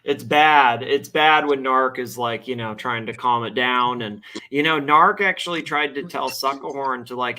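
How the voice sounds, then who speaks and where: A man's voice: medium pitch, moderate pace, hardly any pauses, sharp tone. A man hosting a livestream, chatting loosely with lots of fillers and trailing thoughts. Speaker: livestream host. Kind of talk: casual livestream chat.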